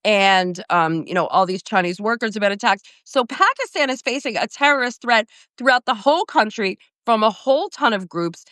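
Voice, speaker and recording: A woman hosting casual political commentary over a video call, talking briskly and analytically with frequent fillers. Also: medium pitch, expressive, a bit bright, no echo, clean studio sound. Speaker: host.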